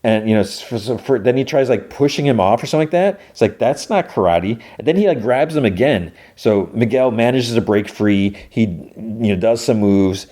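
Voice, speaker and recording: A man's voice: medium pitch, expressive, normal speed, few pauses, dark tone. A man hosting a podcast, casually recapping a TV episode scene by scene with loose quoted lines and lots of filler words. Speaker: podcast host.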